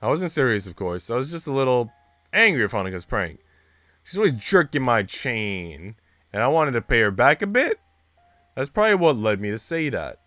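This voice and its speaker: Expressive man reading a game aloud. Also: mid-range voice, normal speed, no room sound, faint music behind. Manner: expressive, reacts out loud. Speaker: streamer reading a visual novel aloud. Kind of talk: dramatic read-aloud with commentary.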